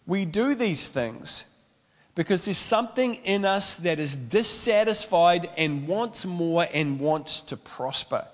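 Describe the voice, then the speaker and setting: A man's voice: high-pitched, animated, slow, long reverb tail. A man preaching a sermon as pastor, mixing storytelling and humorous asides.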